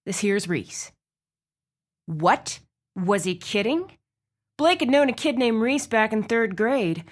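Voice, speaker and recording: Female audiobook narrator, expressive, mid-pitched, steady storytelling. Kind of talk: scripted narration.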